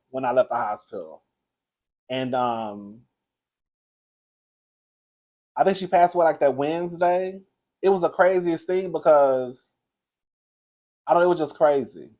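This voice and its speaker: A man's voice: a little high, a little slow, long pauses, darkish tone. A man hosting a casual live stream, chatty and campy, laughing often, grieving a loss. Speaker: commentary channel host.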